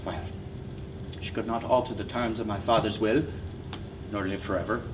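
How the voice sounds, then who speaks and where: An actor playing a brooding, bitter man haunted by his family, speaking intensely and often in a hush. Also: lowish voice, steady tone, moderate pace, natural voice. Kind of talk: stage play acting. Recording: distant mic with noisy hiss.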